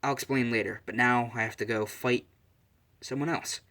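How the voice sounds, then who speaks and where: A man's voice: medium pitch, fairly even intonation, moderate pace, bright, forceful tone. A man voicing a cocky young demon who jokes sarcastically. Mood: smug. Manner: smug and sarcastic.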